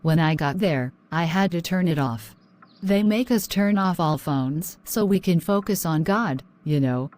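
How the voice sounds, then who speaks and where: A woman playing a shy, troubled young student in a cartoon story, in a fairly low, subdued and hesitant voice. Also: a little slow, a little mellow, lightly acted. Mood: apologetic. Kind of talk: animated story voice acting.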